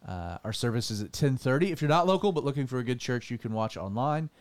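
Joking pastor hosting a podcast. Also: male voice, mid-range voice, lively intonation, quick pace. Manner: joking, rambling with restarts. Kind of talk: casual studio chat. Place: studio.

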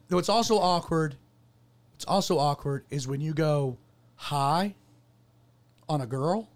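Taking it slowly in a voice on the high side, a man hosting a podcast shares something personal in a relaxed conversation. He's earnest, wanders a lot, and keeps restarting to correct what he said.

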